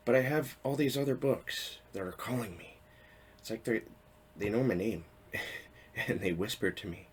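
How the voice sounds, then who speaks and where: A man's voice: deep voice, a little mellow, a little hiss or hum. A man in his thirties chatting casually to camera about his reading habits, rambling and correcting himself with small chuckles. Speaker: book vlogger. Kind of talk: casual talking-head vlog.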